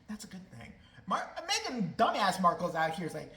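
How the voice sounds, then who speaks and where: Brief: sarcastic woman ranting vlogger, bright tense voice, echoey room. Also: lowish voice, very animated, brisk, few pauses. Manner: profane, mocking, sarcastic. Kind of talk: ranting commentary.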